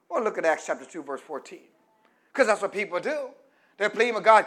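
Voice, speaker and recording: This middle-aged man's high voice swoops wildly in pitch as he preaches at a moderate pace. His sermon alternates between quiet teaching and loud, emphatic stretches, and he prompts listeners to finish his phrases.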